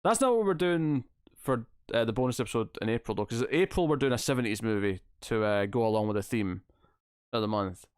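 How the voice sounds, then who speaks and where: A man hosts a casual livestream, chatting, reading viewer comments aloud and rambling in a self-amused way, laughing at himself. His mid-range voice is lively and a little fast, with a clean tone on a dry recording and clean studio sound.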